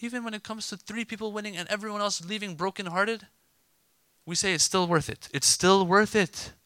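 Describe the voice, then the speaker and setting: A man preaching a sermon to a gathered crowd, animated and emphatic, acting out imagined dialogue to make his points. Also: high-pitched, brisk, dry recording.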